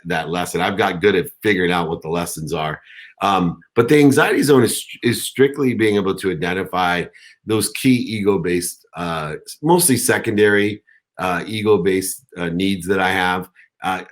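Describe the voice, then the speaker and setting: A middle-aged man mentoring on a coaching call, talking earnestly and rambling with many restarts. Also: sits low. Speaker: guest mentor.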